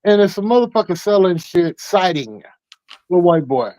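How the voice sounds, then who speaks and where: A man's voice: high voice, animated, moderate pace, dark tone, dry recording, rough recording. Heated, profane storytelling man. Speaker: caller telling a story. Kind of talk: casual call-in chat.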